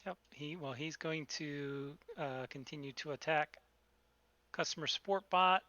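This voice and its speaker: A man running a tabletop game as game master, giving brisk, matter-of-fact rulings over a dull, lo-fi mic. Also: on the high side, sharp tone, no room sound.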